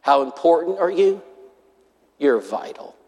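With a slightly high, slightly mellow voice, a preacher speaks a little slowly yet very animatedly. He tells a story earnestly in his sermon, acting out the quoted voices of others, and a long reverb from the hall trails his words.

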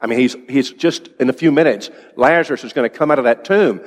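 A man's voice: mid-range voice, fast. Male preacher, conversational sermon, questions to the congregation, church sanctuary, long reverb. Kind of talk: evening sermon. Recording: long reverb in a large hall.

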